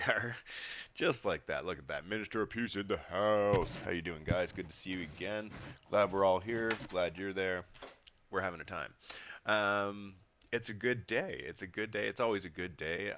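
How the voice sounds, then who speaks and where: A man's voice: low voice, sharp tone, muffled recording. A man, a livestreamer who calls himself a spiritual teacher, chatting with his viewers in an upbeat, rambling way and laughing often. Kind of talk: casual livestream chat. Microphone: webcam setup.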